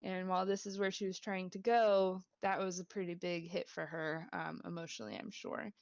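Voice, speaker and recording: A woman's voice: lowish voice, little pitch movement, normal speed, dry recording. A woman narrating as dungeon master of a tabletop game, rambling with fillers and laughing often. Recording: dull lo-fi mic.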